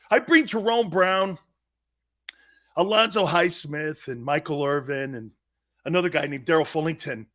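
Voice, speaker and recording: A middle-aged man hosting a sports talk show, telling stories loudly and laughing often. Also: on the high side, normal speed. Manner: loud, laughing, impersonates family in quotes. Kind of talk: animated sports talk storytelling.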